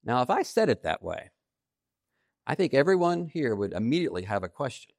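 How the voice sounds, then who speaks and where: A man preaching a sermon, stressing key phrases by repeating them and swinging between loud emphasis and quiet asides. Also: mid-range voice, sing-song, a little fast, gravelly, no echo, studio quality. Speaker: pastor.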